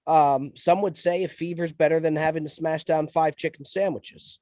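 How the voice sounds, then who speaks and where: A feverish man hosting a podcast, pushing through with emphatic, repeated lines. His slightly high voice is recorded close and dry, with no room sound. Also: fairly even intonation, moderate pace, dark tone, no room sound. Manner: hype, emphatic, repeats phrases. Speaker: podcast host. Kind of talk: casual chat.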